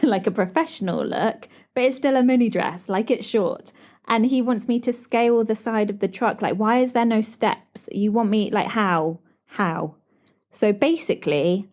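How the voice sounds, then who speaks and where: A woman's voice: lowish voice, darkish tone. A young British woman hosting a podcast, telling stories in a chatty way, laughing often and acting out the people she quotes. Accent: British English. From Britain. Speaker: podcast host. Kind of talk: chatty solo podcast storytelling.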